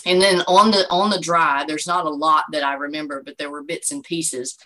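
A woman's voice: sits low, steady tone, moderate pace, bright, forceful tone, low-quality recording. A woman in her forties giving an earnest, faith-filled personal testimony as an interview guest, telling her story with frequent "you know". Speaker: guest, bereaved mother.

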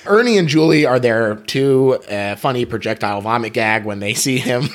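A man's voice: mid-range voice, animated, normal speed. A man hosting a movie podcast, recapping scenes in an upbeat way and laughing as he goes. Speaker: podcast host. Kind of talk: casual movie chat.

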